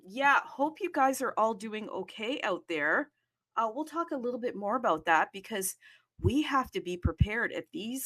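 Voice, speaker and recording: A woman's voice: on the high side, pushed and bright. A woman hosting a casual crypto livestream, bubbly and exclamatory, with playful asides. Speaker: livestream host.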